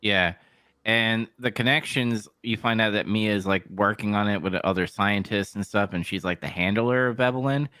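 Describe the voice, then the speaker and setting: Casual podcast co-host, male, lower smooth voice, dry close sound, relaxed with frequent chuckles. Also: normal speed, no room sound. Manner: laid-back, chuckles often. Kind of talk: casual game review chat.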